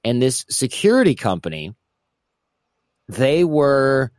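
A man's voice: mid-range voice, slow, no echo, clean studio sound. A man telling a casual story in an interview, stumbling and restarting, acting out the people he quotes. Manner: animated, acts out quoted voices, restarts often. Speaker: guest recounting his past.

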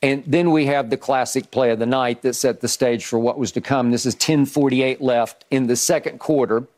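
A man's voice: mid-range voice, normal speed. A man hosting a sports debate show, recounting plays emphatically with frequent restarts. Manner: animated, restarts often, emphatic play-by-play recounting.

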